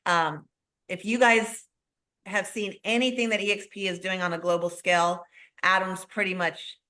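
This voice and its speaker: A woman's voice: fairly low pitch, fairly even intonation, moderate pace, bright, forceful tone. A woman hosting a live video call, talking in an enthusiastic, effusive way. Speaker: host.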